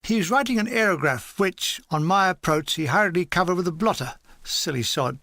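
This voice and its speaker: Deadpan memoir narrator, man, high voice, dry close mic. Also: brisk, hardly any pauses, no echo. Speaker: audiobook narrator. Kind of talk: comic memoir reading.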